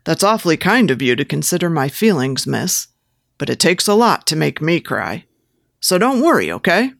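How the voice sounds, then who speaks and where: A woman's voice: low-pitched, big pitch swings, moderate pace, vocal fry, fairly bright tone, dry recording, clean studio sound, full character voice. A woman voicing a pushy, lecherous male photographer who coaxes and gives step-by-step instructions in an erotic audiobook. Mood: coaxing. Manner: coaxing, giving step-by-step instructions.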